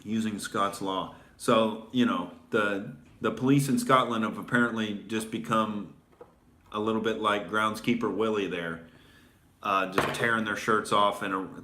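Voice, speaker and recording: A man's voice: lowish voice, bright, forceful tone. A male comedian hosting a casual commentary show, rambling with fillers and restarts in a sarcastic tone. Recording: echoey room.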